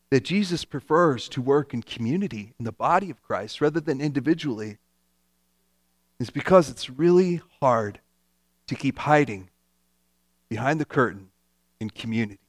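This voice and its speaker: High-voiced man preaching a sermon. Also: dry recording, studio quality. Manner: conversational, emphatic, repeats key lines. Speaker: pastor.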